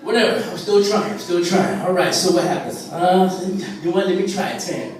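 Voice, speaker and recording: At a restaurant-stage open mic, a stand-up comedian from a Puerto Rican family in the US rambles through a story with plenty of fillers and acted-out voices. His voice is high-pitched at a normal speed, with background noise, and he's far from the camera in a very echoey room.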